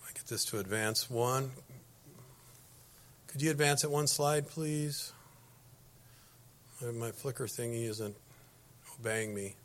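A man's voice: medium pitch, slow pace, pauses often, a bit bright, a little hiss or hum. A middle-aged man preaching a conversational sermon to a congregation, folksy and anecdotal, often restarting his sentences.

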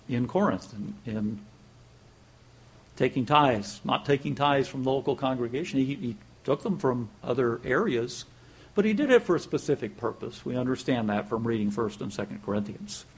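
A man's voice: mid-range voice, breathy edge. A man preaching a sermon in a conversational way, telling a joke, chuckling and repeating words as he goes.

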